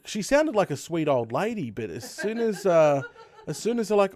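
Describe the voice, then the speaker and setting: A man's voice: a little high, moderate pace. Australian man telling a story with laughs. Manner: laughing, animated retelling. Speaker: streamer host. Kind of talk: casual storytelling chat.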